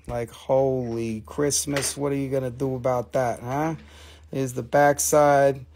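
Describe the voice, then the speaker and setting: A man hosting a live mineral sale, who gushes over each specimen in excitable, profane talk. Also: medium pitch, a little slow, a little hiss or hum. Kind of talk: live-stream sales talk.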